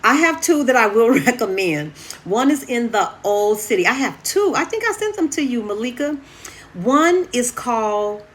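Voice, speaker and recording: A woman vlogging from her apartment in a chatty, animated way, often calling her viewers y'all. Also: a little high. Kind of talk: casual chat to camera.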